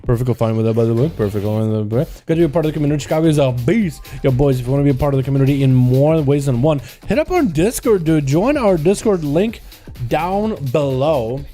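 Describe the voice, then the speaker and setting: A man's voice: fairly high pitch, expressive, fast, dark tone, faint music behind. A young man with a slight Russian accent, a native Russian speaker, chatting casually as a gaming livestreamer. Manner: laid-back, chatty, fills with "yo", "dude" and "boys". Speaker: streamer.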